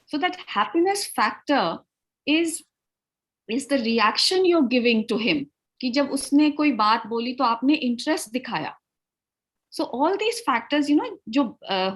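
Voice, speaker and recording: A woman's voice: sits high, lively intonation, very fast, husky, poor audio. A woman with an Indian English accent teaches spoken English over a video call, mixing in Hindi and coaching her students. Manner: mixes Hindi into English, asks students to try. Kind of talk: online class, coaching students.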